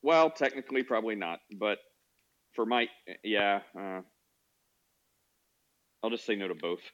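A man's voice: on the low side, expressive, unhurried, a bit bright, dull audio. A man hosting a casual chat, rambling and joking. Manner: rambling, joking, laughs often.

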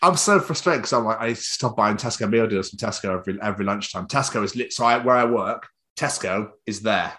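A British man hosting a podcast, bantering casually, swearing freely and acting out little everyday scenes in quick put-on voices. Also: fairly low pitch, pushed and bright. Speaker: podcast host.

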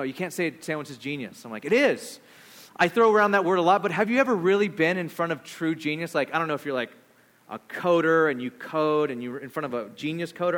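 High-voiced pastor telling animated stories. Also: male voice. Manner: animated storytelling, quick asides. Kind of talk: sermon with personal stories.

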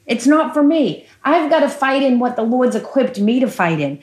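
A woman's voice: high voice, big pitch swings, normal speed, a little mellow. A confident, earnest young shepherd hero speaks up as a woman preacher retells him. His lines are plain and sincere. They come through with an echo from the room. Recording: roomy echo.

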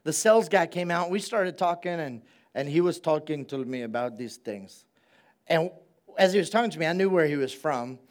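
A male pastor preaching a sermon in a relaxed, conversational way, repeating phrases for emphasis and drawing call-and-response from his congregation at a church service. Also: fairly high pitch, normal speed.

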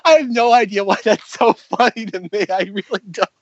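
A man's voice: high voice, fairly quick, slightly rough, no room sound, highs cut off. A man co-hosting a casual film podcast, animatedly retelling scenes. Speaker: podcast co-host.

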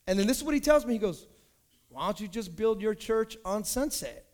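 A high-voiced man preaching a sermon. He tells stories and builds up to loud, shouted preaching. Casual, conversational wording runs through his talk. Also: expressive, brisk. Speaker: pastor.

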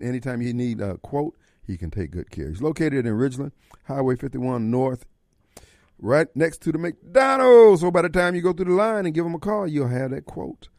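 Gravelly talk radio host. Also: male voice, medium pitch, a little mellow, no echo, clean studio sound. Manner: folksy, fiery warnings. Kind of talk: talk radio monologue and call-in.

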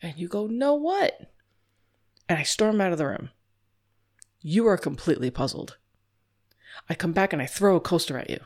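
A woman teaching dog training with a bouncy, animated voice that rises and falls a lot. She sounds chatty and playful, laughs often, and acts out small everyday scenes to make her points. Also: low-pitched, a little fast, pauses often. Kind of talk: explaining dog training to viewers.

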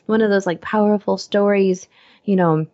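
A woman's voice: medium pitch, fairly even intonation, normal speed, mellow, dry recording, lo-fi sound. A woman in her thirties, a co-host chatting casually and acting out her own reactions over a video call. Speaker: podcast co-host. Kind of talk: casual chat.

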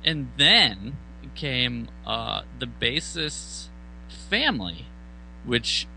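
A man casually telling a band story, swearing often and acting out loud outbursts. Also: mid-range voice, extremely slow, vocal fry, slight background noise, low-quality recording. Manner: profane, animated retelling with loud mock outbursts.

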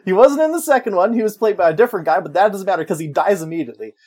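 A speaker with a lively, swooping voice chats casually, tossing out trivia in a playful way. The tone rises and falls a lot as they talk. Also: medium pitch, very fast. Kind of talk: casual chat.

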